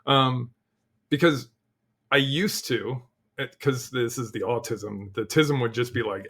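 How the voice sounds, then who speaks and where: Podcast guest, middle-aged man, gravelly voice, mid-range pitch, loose storytelling with lots of restarts. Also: measured pace. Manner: animated storyteller, acts out quotes, frequent "like" and restarts. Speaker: podcast guest, cybersecurity leader. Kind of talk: casual interview chat.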